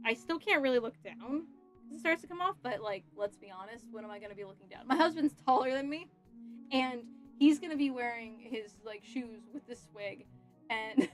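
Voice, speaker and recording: A woman's voice: high voice, fairly bright tone. A young adult woman chatting casually on a cosplay livestream while she works, telling stories with frequent giggles. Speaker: cosplay streamer.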